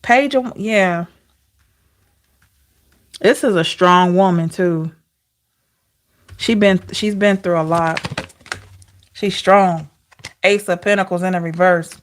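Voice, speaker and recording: Give me a woman doing a tarot reading for her viewers, slow-paced and emotional. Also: lowish voice, slight background noise. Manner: emotional, speaks straight to viewers as y'all. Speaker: tarot reader.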